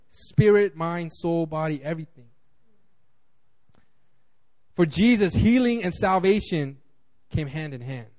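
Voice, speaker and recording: A man pastor giving a casual, conversational sermon, animated and acting out quotes, with frequent restarts. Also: fairly high pitch, measured pace, pauses often.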